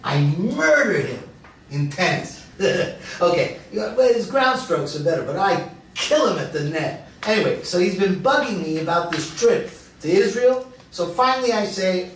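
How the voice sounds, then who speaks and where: Older man, quick jokes, wide lively pitch, fairly high voice; a man plays it on a roomy, far-off video-call line with faint hiss. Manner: jokey, chatty, laughs at his own lines. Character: wisecracking older man, restless and joking. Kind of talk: virtual play reading. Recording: echoey, distant video-call audio with faint noise.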